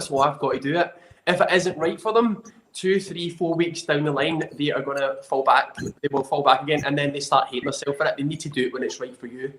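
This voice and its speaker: A man with a fairly high voice talks about his work in a casual interview. He sounds earnest and enthusiastic and often restarts his sentences. The room around him is echoey. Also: a bit bright. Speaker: fitness trainer, guest. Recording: roomy echo.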